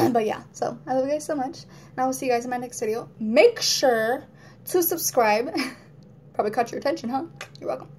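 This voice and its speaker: A woman's voice: high voice, fairly quick, a little hiss or hum. A woman vlogging at home in casual chat to camera, rambling, laughing often and acting out moods in quoted voices.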